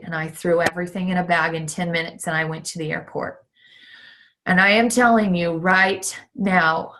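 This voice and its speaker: Slow, gravelly-voiced woman giving team pep talk. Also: mid-range voice, a bit bright. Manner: earnest and emotional, with halting restarts. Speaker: direct sales team leader. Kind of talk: motivational vlog talk to her team.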